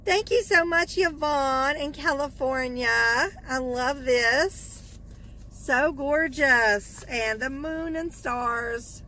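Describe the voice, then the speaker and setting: A woman with a high, bright voice talks slowly and warmly from inside a parked car. She gushes, drawing out her thanks, and a faint hum of noise sits under her voice. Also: rough recording. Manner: gushing, effusive, repeats thanks. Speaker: vlogger opening fan mail. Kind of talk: casual chat.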